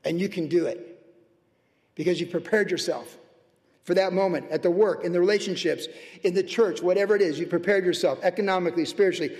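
A passionate man preaching from the pulpit, his voice pitched high and swinging between fervent bursts and hushed, tender asides. The sermon carries a long, ringing church reverb. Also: brisk. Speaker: pastor. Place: church sanctuary.

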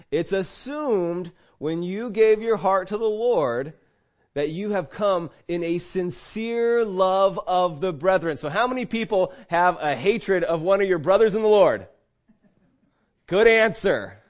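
A middle-aged male pastor preaches with a fairly high voice, acting out his stories. He jumps between loud, punchy lines and soft, hushed asides. The recording sounds dull and lo-fi. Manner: animated storytelling, swings between loud and hushed. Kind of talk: sermon.

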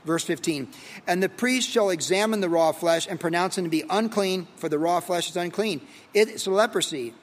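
A man's voice: sits high, moderate pace. Man, pastor, casual Bible teaching, rhetorical questions, echoing sanctuary. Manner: conversational, lots of fillers and rhetorical questions. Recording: long hall reverb.

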